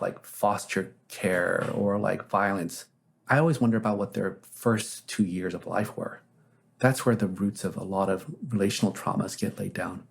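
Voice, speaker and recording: A man's voice: on the low side, creaky, breathy edge. A man, a therapist, telling anecdotes as an interview guest in a casual, reflective way with frequent fillers.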